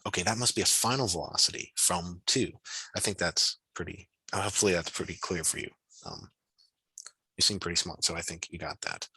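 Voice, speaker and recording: Low-voiced casual male physics tutor. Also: fairly quick, pushed and bright, breathy edge, no echo, poor audio. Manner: talks through his thinking aloud, casual and encouraging, with frequent fillers. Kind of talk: online tutoring session. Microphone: video call.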